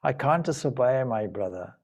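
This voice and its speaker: A man doing a gentle, steadfast young prince. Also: medium pitch, animated, moderate pace, gravelly. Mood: gentle, firm. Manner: gently reassuring yet firm.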